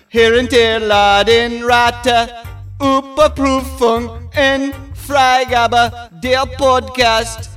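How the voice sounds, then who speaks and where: A man's voice: very high voice, fairly bright tone, heavily acted. A man putting on a Jamaican accent to deliver a podcast promo in a sing-song, rhythmic way.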